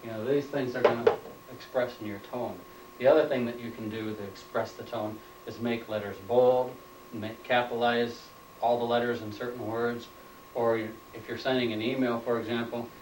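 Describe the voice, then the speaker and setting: A man's voice: mid-range voice, steady tone, normal speed, darkish tone, slight background noise. A man giving a training lecture, plainly stating points and repeating them as questions, recorded indoors on a camera mic from a distance. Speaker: instructor. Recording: roomy, off-mic room sound.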